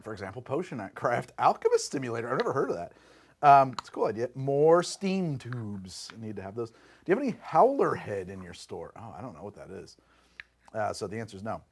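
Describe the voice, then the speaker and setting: A man's voice: mid-range voice, brisk, breathy edge. A middle-aged man with a New Jersey accent, hosting a rambling, jokey live stream from his home bar and reading out chat comments. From New Jersey, USA. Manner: rambling, animated, jokey asides. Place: home bar and lab room.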